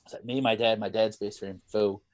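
In a dry recording, a young podcast guest with a lowish voice talks fairly quickly and with flat delivery. He tells his stories casually and ramblingly, leaning heavily on "like" and "bro."

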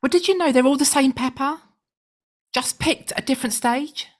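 Chatty woman with a slightly high voice. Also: brisk. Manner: chatty, explaining with dry jokes. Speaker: podcast co-host. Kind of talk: casual chat.

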